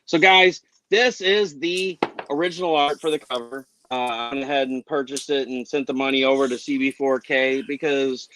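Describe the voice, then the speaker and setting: A man's voice: medium pitch, steady tone, normal speed, few pauses, fairly bright tone, a little hiss or hum, poor audio. A man hosting a casual podcast chat, talking in a rambling, upbeat way. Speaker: podcast host.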